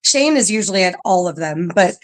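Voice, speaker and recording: A woman's voice: lowish voice, animated, fairly quick. Chatty woman full of ums. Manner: chatty, laughs often, filler-heavy. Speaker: paranormal museum staff guest. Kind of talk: casual podcast interview.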